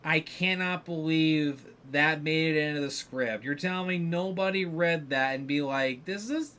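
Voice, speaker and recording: A man's voice: fairly high pitch, a little slow, fairly bright tone, smooth. A man hosting a podcast, ranting in casual solo commentary with lots of filler words and restarts. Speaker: podcast host.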